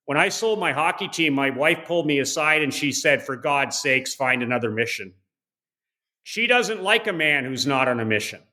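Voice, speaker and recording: Blunt, emphatic man with a bright voice. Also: mid-range voice. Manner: blunt, emphatic, swears freely. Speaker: guest. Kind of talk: motivational storytelling.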